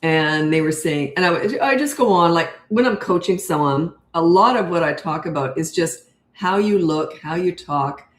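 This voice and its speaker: In a reverberant space, an older woman who coaches parents responds to viewer questions on a live session. She talks slowly and low, staying calm and unrushed.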